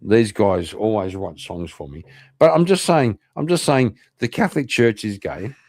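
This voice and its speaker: A man with an Irish accent hosting an online interview show, chatting casually, animated and swearing freely. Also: fairly low pitch, normal speed, no echo, studio quality. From Ireland. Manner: animated, swears a lot, laughs often. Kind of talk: casual livestream chat.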